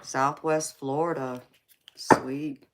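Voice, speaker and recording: Slow and fairly even, her bass voice carries a heavy Southern American accent through heavy background noise. She's a tarot reader hosting a casual livestream, teasing her viewers sassily, laughing often, and calling them honey and baby.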